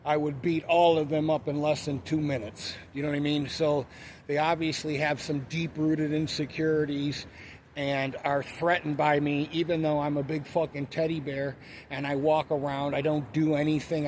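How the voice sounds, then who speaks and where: A man's voice: on the high side, level tone, moderate pace, darkish tone, slight background noise. A man telling a story in a blunt, profane, ranting way, in a casual monologue. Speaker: vlogger.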